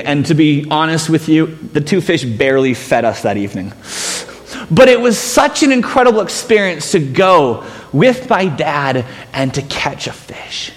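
High-voiced pastor preaching in a reverberant hall. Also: male voice, very animated, normal speed. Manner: storytelling, self-mocking humor. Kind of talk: sermon.

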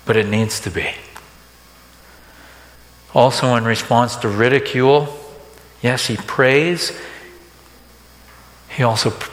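Preacher in an echoing sanctuary. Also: male voice, medium pitch, slow pace, long pauses, fairly bright tone. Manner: conversational, rhetorical questions. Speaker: pastor. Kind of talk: sermon. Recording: echoey hall reverb.

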